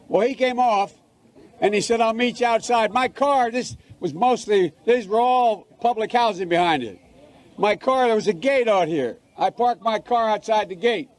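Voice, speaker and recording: An older man tells a long, meandering anecdote in public. His voice is notably high for a man, and he keeps correcting himself and losing the thread in the middle of phrases. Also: normal speed. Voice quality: meandering, self-correcting, trailing off mid-phrase. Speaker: politician speaking to a crowd. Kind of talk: rambling anecdote.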